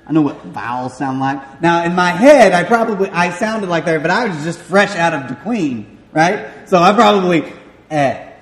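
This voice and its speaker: Young Southern preacher, storytelling sermon, self-deprecating, slightly high voice, roomy church echo. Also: male voice, normal speed, a little hiss or hum. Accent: Southern American. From Southern United States. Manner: animated storyteller, self-mocking, acts out voices. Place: church sanctuary. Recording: echoey hall with long reverb.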